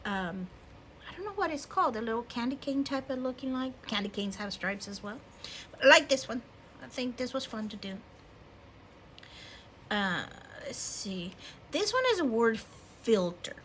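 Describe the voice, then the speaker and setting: Woman in her forties, bilingual, casual rambling hobby-art chat, somewhat high voice, hum behind. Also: fairly bright tone, low-quality recording. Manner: rambling, hesitant, many fillers. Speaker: hobby artist. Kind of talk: casual show-and-tell.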